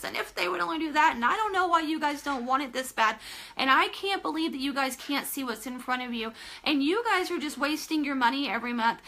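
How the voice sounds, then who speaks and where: A woman's voice: high-pitched, bright, forceful tone. A woman giving a live motivational talk to team leaders, emphatic and direct, repeating phrases for stress and asking viewers to comment. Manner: addresses listeners directly, asks for comments.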